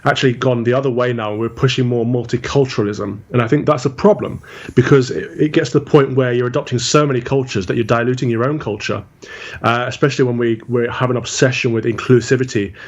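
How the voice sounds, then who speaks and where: A man from England speaks as a talk-show guest, blunt and sure of his opinions. His voice sits at an ordinary pitch. The audio comes through a little dull. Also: fairly even intonation, fast talker. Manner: blunt, opinionated, dismissive of opponents. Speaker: guest commentator. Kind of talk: political talk-show interview.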